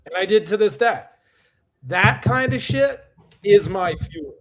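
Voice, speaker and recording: A man with a noticeably high voice gives a motivational speech. He speaks emphatically and drives his points home by repeating them. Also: lively intonation, measured pace. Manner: emphatic, repeats key phrases.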